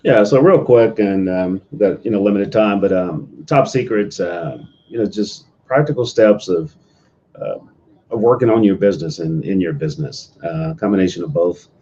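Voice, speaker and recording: A man speaking as a guest on a remote call, talking quickly with many fillers. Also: low voice, dark tone. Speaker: guest author and business coach. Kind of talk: remote interview answer. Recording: dull lo-fi call audio, faint noise.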